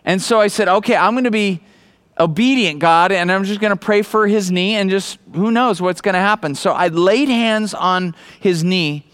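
A middle-aged male pastor preaching a sermon, telling a personal story in an earnest way that builds into loud, excited preaching. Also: high-pitched, moderate pace, clear, resonant tone.

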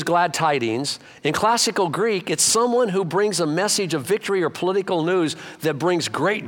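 A middle-aged man preaching a sermon as pastor, swinging between loud emphatic lines and low quiet asides. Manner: animated preaching with wide swings of pitch and loudness.

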